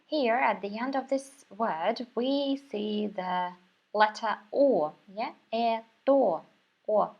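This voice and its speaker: A woman's voice: mid-range voice, slow, dull audio. A woman with a Russian accent teaching a language lesson, patiently repeating words for learners. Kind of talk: slow, careful language lesson.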